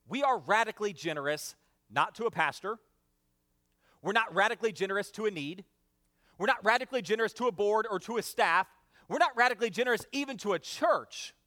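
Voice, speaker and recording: A male pastor preaching a lively sermon, leading the congregation in repeated phrases and often filling pauses with "uh". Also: high voice. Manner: energetic, calls for responses from the congregation; frequent "uh" fillers.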